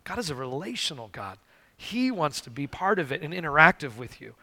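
A male pastor delivers a sermon with a bright, forceful tone and a fairly high pitch. He tells stories earnestly, acting out the lines of dialogue. The sound is close and dry. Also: sing-song, fairly quick, dry recording. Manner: storytelling with acted-out dialogue, earnest and emphatic. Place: church sanctuary.

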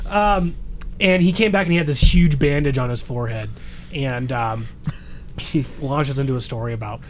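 A man's voice: mid-range voice, moderate pace, a little hiss or hum. A man co-hosting a podcast, recapping a dating show in a joking, rambling way. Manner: joking, rambling, playful impressions. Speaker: podcast co-host. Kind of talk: casual recap chat.

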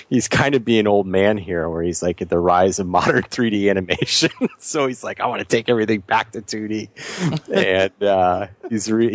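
Male podcast host, low gravelly voice, jokey and teasing, casual chat. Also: dry recording. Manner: jokey, teasing, reads news aloud. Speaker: podcast host reading listener submissions.

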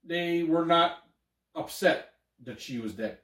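A man's voice: fairly high pitch, animated, slow pace, a bit bright. Rambling man, far off in a roomy room. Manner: rambling, swearing, laughs often. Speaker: podcast co-host. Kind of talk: casual chat. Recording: roomy, from off-mic.

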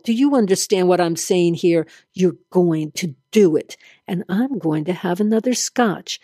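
A woman's voice: fairly low pitch, mellow, no room sound. A woman voicing a male loan shark who turns from charming to bullying in a dry, close reading. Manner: coaxing then threatening.

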